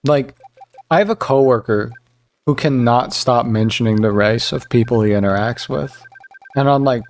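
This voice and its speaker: A young man streams a game while chatting casually at an unhurried pace. He's rambling and animated, and his voice jumps high whenever he quotes other people.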